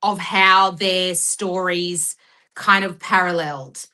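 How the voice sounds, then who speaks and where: A woman's voice: lowish voice, steady tone, slow pace, pushed and bright, poor audio. A woman co-hosting a casual podcast chat, blunt and emphatic with her opinions. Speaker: podcast co-host.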